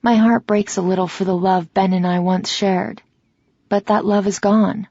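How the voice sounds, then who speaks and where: A woman reading a first-person romance audiobook in a measured, reflective way, in a slightly dull, dry recording. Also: mid-range voice, fairly even intonation, warm tone, no echo. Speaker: audiobook narrator.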